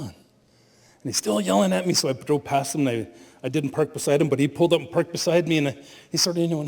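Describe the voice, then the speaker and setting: A middle-aged man giving an animated storytelling talk as a spiritual leader at a conference, laughing at his own stories. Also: on the high side, quick pace. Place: conference hall. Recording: long hall reverb.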